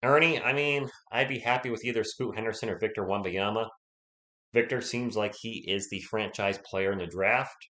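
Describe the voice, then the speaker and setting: A man's voice: lowish voice, normal speed, sharp tone. A man with a sore throat and a cough, hosting a casual live play-by-play stream and chatting with viewers between plays.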